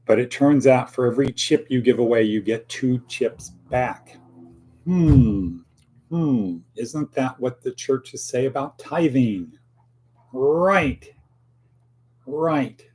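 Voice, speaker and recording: Man riffing casually, husky and dark. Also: mid-range voice, a little slow, hardly any pauses. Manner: rambling, playful asides, acts out quoted voices. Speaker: host of a daily motivational talk. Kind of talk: casual solo monologue.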